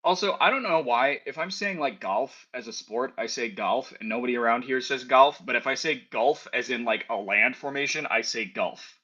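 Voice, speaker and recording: A man's voice: medium pitch, animated, fairly quick, hardly any pauses, sharp tone, lo-fi sound. A man with a Midwestern accent, a guest on a casual stream, blunt and swearing freely. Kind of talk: casual reaction-stream chat.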